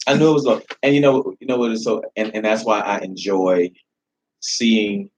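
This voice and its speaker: A man, a pastor, talking on a radio show, warm and encouraging with frequent affirming murmurs. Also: fairly low pitch, steady tone, measured pace, slight background noise, low-quality recording. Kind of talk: casual heartfelt radio conversation.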